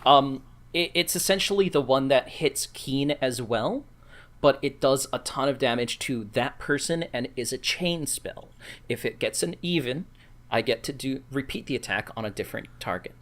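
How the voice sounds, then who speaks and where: A man playing a tabletop game, who walks through his spell and dice rolls step by step. His voice sits at an ordinary middle pitch. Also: moderate pace, fairly bright tone. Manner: methodical, spells out mechanics. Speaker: player. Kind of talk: casual tabletop play.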